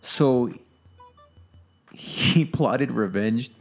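A man's voice: mid-range voice, drawn-out words, soft background music. A young man chatting casually as a podcast co-host, telling a story in a loose, amused way. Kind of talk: casual chat.

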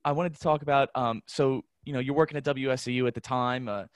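A young adult man hosting a college radio podcast, asking questions in a relaxed way with frequent restarts. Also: mid-range voice, brisk, dry recording. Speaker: podcast host, college station manager. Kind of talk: casual interview chat.

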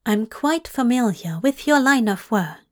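A woman's voice: on the high side, lively intonation, a little slow. A woman voicing a fussy, earnest male angel with prim, old-fashioned manners. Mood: patient.

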